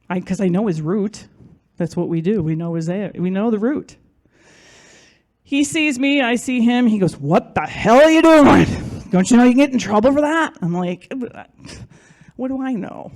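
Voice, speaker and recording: A woman's voice: mid-range voice, darkish tone. A woman telling a personal story in front of an audience, chatty and self-mocking, acting out what other people said.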